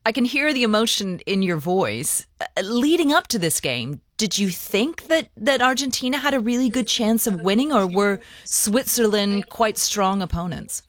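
A woman presenting a weekend radio news program, running interviews in a measured, friendly tone. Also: mid-range voice, expressive, no room sound.

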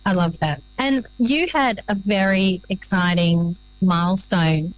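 A woman's voice: medium pitch, unhurried, dry recording, low-quality recording. A woman hosting a casual interview, affirming and encouraging toward her guest. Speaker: host, interviewer.

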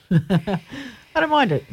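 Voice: mid-range voice, sing-song, slow, breathy edge. Playful self-mocking radio co-host. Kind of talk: casual radio banter.

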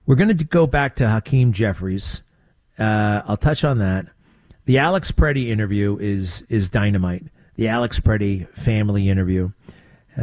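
Blunt older male talk host, dark voice. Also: on the low side, dry recording. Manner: blunt, conversational, quick asides. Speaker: radio talk show host. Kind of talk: political commentary.

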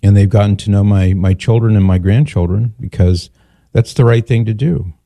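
An older man, a grandfather, hosts a call-in radio talk show and lectures emphatically on the issue, quoting others in mock voices. His voice is fairly low, creaky and dark, at a moderate pace, in a dry recording.

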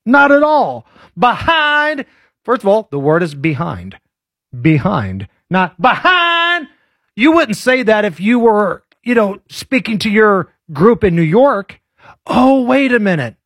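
A man hosting a commentary show, mocking fake accents in a casual, animated way. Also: high-pitched, unhurried, husky, no echo. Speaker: host.

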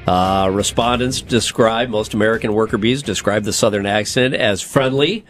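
A man's voice: on the low side, moderate pace, fairly bright tone, soft background music. A man co-hosting a comedy podcast, reading survey results aloud and joking around. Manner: jokey, reads out survey results, breaks into silly voices and laughs. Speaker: podcast co-host. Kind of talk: casual comedic podcast chat.

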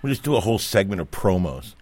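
A man's voice: sits low, big pitch swings, fast talker, darkish tone. A man co-hosting a talk radio show, speaking matter-of-factly with dry jokes. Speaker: radio co-host. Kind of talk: casual radio banter.

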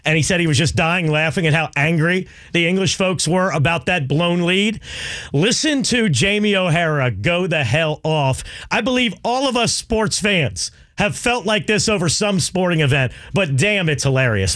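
Man, sports radio host, high voice, lively pitch, rambling talk. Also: moderate pace. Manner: animated, rambling, joking.

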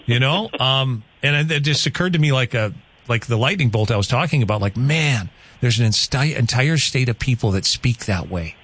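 A man hosting a radio show, chatting casually and telling stories with excitement. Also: medium pitch, brisk. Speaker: radio host.

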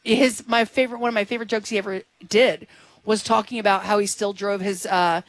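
A woman's voice: mid-range voice, steady tone, brisk, dry recording. A woman co-hosting a casual chat show, candid and joking. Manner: candid, joking, does mock teen voices. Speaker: podcast co-host.

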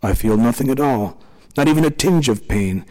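A man's voice: medium pitch, expressive, normal speed, warm tone, long reverb tail, close to an everyday voice, low-quality recording. A man voicing a frightened young woman in labor, speaking in a pleading, breathless way, raised a little above his own voice.

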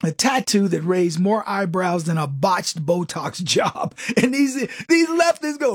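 A man's voice: sits high, animated, a little slow, dry recording, studio quality. A man delivering a sarcastic, mocking political commentary monologue in a casual, conversational way.

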